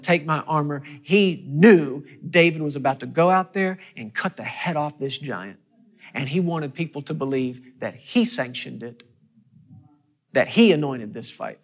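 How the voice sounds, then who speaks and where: A preacher delivering a sermon, asking the congregation questions and building to loud, high-pitched peaks. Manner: asks the audience questions.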